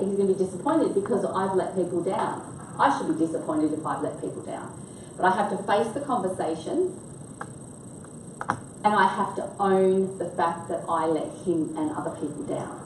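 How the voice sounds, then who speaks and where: A woman's voice: medium pitch, distant mic. An older woman runs a workshop and keeps asking her group questions. She talks in an engaging, interactive way. She is recorded from across an echoey room with a faint hum behind her. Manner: engaging, quizzes the audience. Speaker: workshop trainer.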